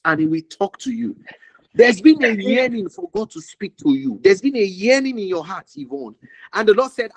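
A man's voice: high voice, dry recording, rough recording. A man ministering prophetically over a call, declaring fervently with much repetition and sometimes dropping to a whisper.

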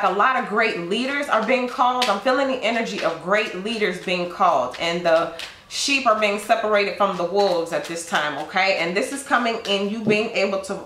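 A woman's voice: mid-range voice, bright, forceful tone, slight background noise. A woman giving a tarot reading, speaking straight to the listener and telling it as a story. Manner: addresses the listener directly, storytelling. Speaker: tarot reader. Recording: roomy echo.

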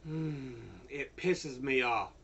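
An older man giving an angry political rant, heavily profane and bursting into shouts. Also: medium pitch, steady tone, slow pace, breathy edge, highs cut off. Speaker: YouTuber.

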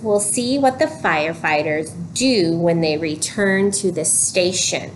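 A woman teaching an early reading lesson, giving slow, clear prompts and repeating cues for children to read aloud. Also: lowish voice. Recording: noticeable background noise.

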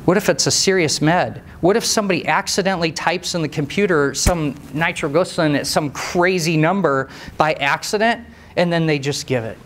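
A man who trains mechanics, telling a story in a live talk, conversational and animated, with rhetorical questions and asides. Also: fairly high pitch, normal speed, a little hiss or hum. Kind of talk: storytelling presentation to a live audience.

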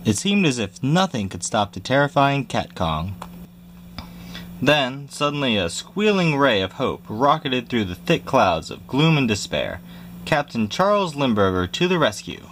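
A man reading a children's picture book aloud in a lively storytelling manner, jumping high for squeaky cries. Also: a little slow, a little hiss or hum. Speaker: reader.

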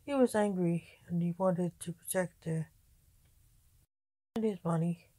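A woman narrates her own tale in a slow, measured storybook manner. Her voice is mellow and dark, and the recording sounds close and dry. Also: on the low side, dry recording.

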